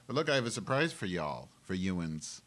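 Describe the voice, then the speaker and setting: A man with a somewhat low voice rambles through a live home webcam show on a wireless mic. His talk is erratic and profane, with sudden loud bursts between stretches of muttering. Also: big pitch swings, moderate pace. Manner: profane, erratic, abrupt outbursts. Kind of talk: rambling live-stream monologue. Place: home, moving into the kitchen.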